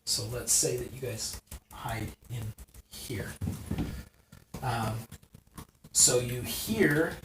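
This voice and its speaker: Slow-talking game master in a noisy room. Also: mid-range voice. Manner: unhurried narration with frequent "um". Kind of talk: narrating a tabletop game. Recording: roomy, distant, noisy live stream.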